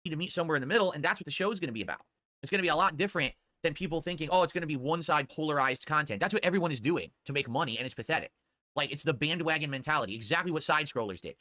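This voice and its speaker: A man's voice: a little high, expressive, very fast, bright, forceful tone, no room sound, clean studio sound. A man streaming live, chatting casually and answering viewer tips in a rambling way that repeats itself. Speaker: livestreamer.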